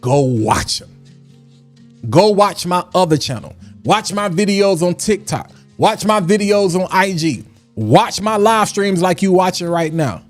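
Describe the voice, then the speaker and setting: A man's voice: high voice, expressive, a little slow, faint music behind. A man hosting a casual livestream, talking in a preachy way and repeating lines for emphasis. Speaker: livestream host.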